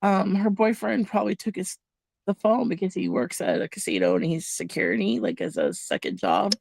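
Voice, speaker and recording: A woman host in a casual chat, telling a personal story in an animated way and acting out the voices she quotes. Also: medium pitch, brisk, gravelly, dry recording.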